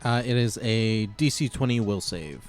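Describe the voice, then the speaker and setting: A man's voice: fairly low pitch, lively intonation, moderate pace, soft background music. A man playing a tabletop game, methodically working through spell rules. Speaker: player.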